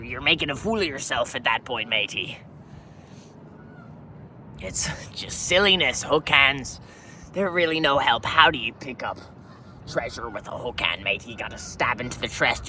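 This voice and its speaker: Man, bright voice, pirate-persona comedy rant, keeps saying matey, mic a little far off. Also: mid-range voice, slight background noise. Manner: pirate talk, says "matey" constantly, rambling rants. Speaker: podcast host. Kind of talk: comedic in-character pirate monologue. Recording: voice a bit distant from the mic.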